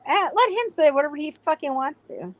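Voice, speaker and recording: A woman's voice: sits high, sing-song, a little fast, no echo. A woman co-hosting a podcast, blunt, indignant and profane in casual chat. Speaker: podcast co-host.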